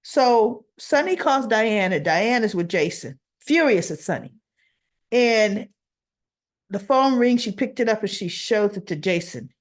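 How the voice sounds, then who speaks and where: A woman casually recapping a soap opera episode, retelling scenes in an animated way and acting out what the characters say. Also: mid-range voice, measured pace.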